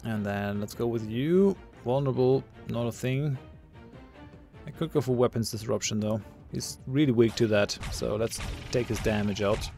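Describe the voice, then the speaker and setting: Gravelly man thinking aloud through a game. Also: medium pitch, normal speed, a little mellow, soft background music. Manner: thinks aloud, mutters, laughs at his own jokes. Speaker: gamer playing a ship combat game. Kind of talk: casual gameplay commentary.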